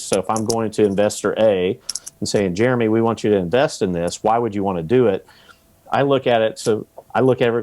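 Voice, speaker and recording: A man as a podcast guest, explaining rental investing in a relaxed way with examples and acted-out quotes. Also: fairly low pitch. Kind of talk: casual interview talk.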